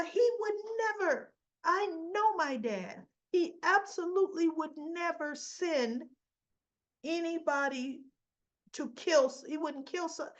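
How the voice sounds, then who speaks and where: A woman mimicking an indignant young woman who insists on defending her father, in a whiny, insistent voice. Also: muffled recording. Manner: whiny, insistent, rising pitch.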